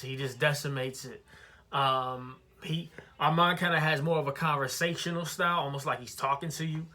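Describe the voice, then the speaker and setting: Bright-voiced man casually reviewing an album. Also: on the high side. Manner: conversational, loose, with many fillers and restarts.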